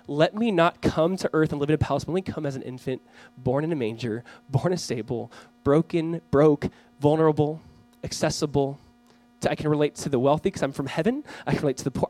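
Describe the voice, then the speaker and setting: A man's voice: fairly high pitch, a little mellow, dry recording. A man preaching a sermon as pastor, talking in a conversational way that swells into fervent emphasis.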